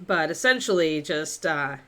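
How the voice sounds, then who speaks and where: A woman leads a live-streamed miniature painting session in a relaxed, chatty way. She thinks aloud while she paints. Her voice is bright and clear, and her pitch rises and falls a lot. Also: measured pace.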